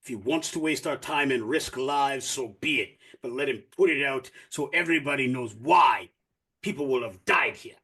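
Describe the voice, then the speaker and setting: A man's voice: medium pitch, normal speed, pushed and bright, breathy edge. A man voicing a fierce, blunt alien male assistant with a rural Andorian accent, curt and defiant.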